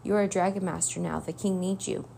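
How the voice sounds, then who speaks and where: A woman reading the part of a calm older male wizard mentor in a measured, grave way. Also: fairly low pitch, creaky, slight background noise.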